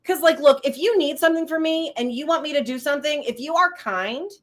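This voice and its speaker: A middle-aged woman from the United States co-hosting a casual live-stream chat, firm and steady in how she speaks. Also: high voice, fairly quick. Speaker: co-host.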